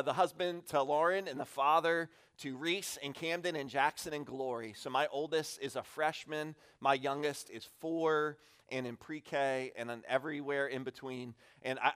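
A man's voice: fairly high pitch, smooth. A man in his thirties giving a conversational, self-deprecating sermon as a guest pastor in a church, acting out little asides as he talks. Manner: candid, self-deprecating, animated with acted-out asides. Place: church sanctuary.

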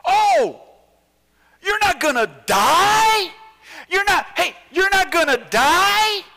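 A sly male devil mocks and coaxes in a high, loud, needling voice, a man putting it on in a sermon. His taunts ring through a reverberant church hall. He is all smug temptation. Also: sing-song, slow, gravelly, heavily acted. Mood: mocking. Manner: coaxing, mocking, incredulous questions.

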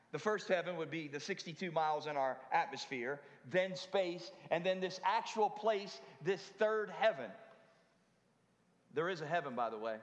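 A man preaching a sermon in a conversational way, with frequent asides to the congregation. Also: fairly high pitch. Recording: long hall reverb.

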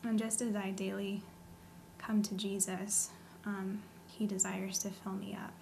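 A soft-spoken woman shares her faith testimony in a flat, level voice. Her tone is sincere and earnest, with a faint hiss running behind her. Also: medium pitch, unhurried, gravelly. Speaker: guest sharing testimony. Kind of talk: personal testimony.

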